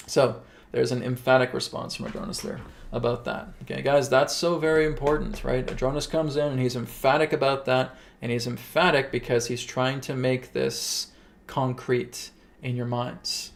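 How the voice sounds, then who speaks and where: A man hosting a spiritual gathering, explaining breathing practice in quick, conversational talk with frequent check-ins to listeners. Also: medium pitch, steady tone, gravelly. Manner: quick, conversational, keeps asking "right?". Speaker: spiritual teacher and host. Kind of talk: casual spiritual teaching.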